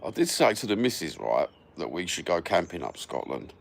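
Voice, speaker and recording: A man with a London accent hosts a live chat from his phone, his voice sitting low. He talks in blunt, sweary banter, riffing off his viewers' comments, with a faint hum of ambience behind him. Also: very animated, brisk, gravelly. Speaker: livestream host.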